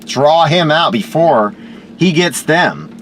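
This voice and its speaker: A man's voice: a little high, slow pace, a little hiss or hum. A man casually recapping soap opera episodes as a show host, rambling and laughing often, acting out characters' lines. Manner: chatty, rambling, laughs often, quotes characters in lively voices.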